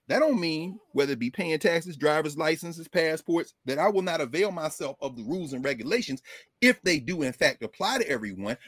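A middle-aged man talks as a professor in a lively, emphatic flow, his pitch swinging widely as he builds his points. His voice sits a little high for a man. The sound is dry and close, with no room around it. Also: breathy edge, no room sound. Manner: emphatic, digressive, laughs often, slips into acting out quotes. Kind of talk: animated conversational film and culture commentary.

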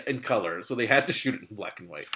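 Guy on a movie podcast, bright voice, keeps restarting his sentences, chatty. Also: fairly low pitch, animated. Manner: rambling, halting restarts, frequent laughs. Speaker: podcast co-host. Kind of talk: casual film discussion.

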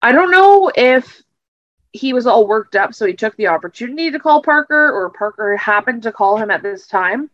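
A woman's voice: a little high, lively intonation, normal speed, a bit bright, dry recording. A woman co-hosting a podcast, retelling a TV episode in a casual, rambling way and correcting herself as she goes. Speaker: podcast co-host. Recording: dull lo-fi recording.

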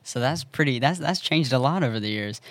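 A man hosting a podcast, asking questions in a halting way and repeating words. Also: mid-range voice, animated, no room sound, clean studio sound. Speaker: podcast host. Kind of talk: interview questions.

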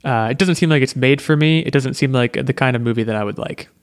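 A man's voice: medium pitch, fast talker, clear, resonant tone, no echo. A man hosting a podcast, talking casually with lots of fillers and restarts. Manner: chatty, hedging, lots of "like" and restarts. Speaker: podcast host. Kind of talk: casual chat.

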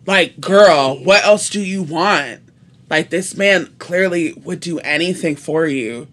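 A podcast co-host in their thirties in casual chat, excitable and rambling, often laughing. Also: medium pitch, slow. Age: 30s.

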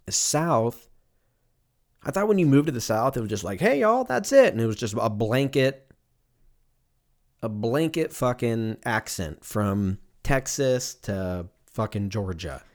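A man's voice: lowish voice, expressive, unhurried, a little mellow. A man, hosting a solo podcast in a rambling, profane, jokey way and laughing at his own tangents. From US West Coast. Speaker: podcast host. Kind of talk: casual solo podcast monologue.

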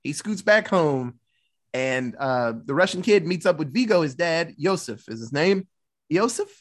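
A man's voice: on the high side, animated, normal speed. A man casually retelling a movie plot for a podcast, loose and profane, slipping into the characters' lines. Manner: loose, profane storytelling with acted-out quotes. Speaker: podcast co-host.

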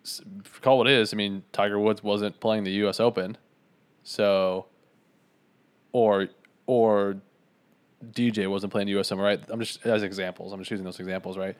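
A man's voice: lowish voice, fairly even intonation, normal speed. A young man co-hosting a podcast, talking in a laid-back, rambling, slangy way. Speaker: podcast co-host. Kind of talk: casual chat.

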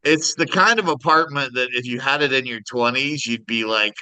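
A man's voice: mid-range voice, normal speed, few pauses, bright, forceful tone, clear, resonant tone, no echo, low-quality recording. A man in his forties from Kansas, co-hosting a casual chat podcast over a video call, wry and rambling. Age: 40s. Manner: wry, rambling, does silly voices in his stories. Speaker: podcast co-host.

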